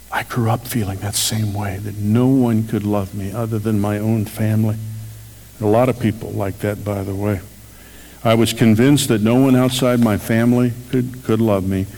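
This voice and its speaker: A man preaching a short radio sermon, earnest and emphatic, slowing and softening for quotes before building to forceful peaks. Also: lowish voice, poor audio. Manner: earnest preacher, rises to emphatic near-shouting. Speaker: pastor.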